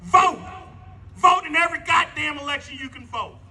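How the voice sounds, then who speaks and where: A man's voice: extremely high pitch, animated, moderate pace, creaky, sharp tone. A middle-aged man giving a fiery, profane protest speech at an outdoor rally, repeating his rallying lines. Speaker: rally speaker.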